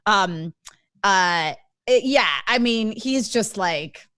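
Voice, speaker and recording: A woman co-hosting a casual chat, enthusiastic and quick to laugh. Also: medium pitch, expressive, fairly bright tone, clean tone, dry recording, clean studio sound. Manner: enthusiastic, giggly. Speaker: co-host.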